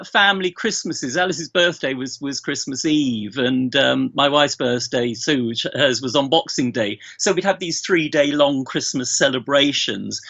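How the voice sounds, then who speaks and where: Gravelly bright-voiced man on a dull line. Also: medium pitch. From England. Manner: rambling anecdotal storyteller, frequent restarts. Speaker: guest, bereaved father. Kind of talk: remote podcast interview.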